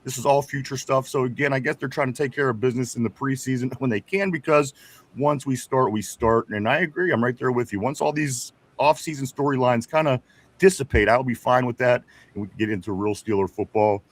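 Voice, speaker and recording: A man's voice: medium pitch, fairly quick. Chatty man hosting a sports show. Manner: chatty, stumbles and repeats words, chuckles often. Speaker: sports talk show host. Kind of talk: casual sports chat, reading viewer comments.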